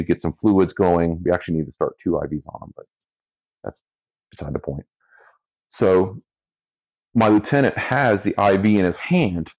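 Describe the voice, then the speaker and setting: A man's voice: deep voice, lo-fi sound. A man, a firefighter and paramedic, casually telling a story from his job in a dry, amused way. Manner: relaxed, dry storyteller who laughs at his own story.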